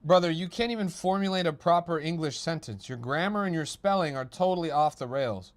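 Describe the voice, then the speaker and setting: A man's voice: on the high side, a little fast. A young man hosting a crypto livestream, reading his chat aloud and mocking it with a profane, ranting manner.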